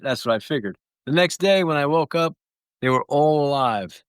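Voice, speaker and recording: A man's voice: on the high side, lively intonation, moderate pace, clear, resonant tone, dry recording. A man telling stories in an interview, rambling through anecdotes with small restarts. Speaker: guest clownfish breeder. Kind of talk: relaxed storytelling.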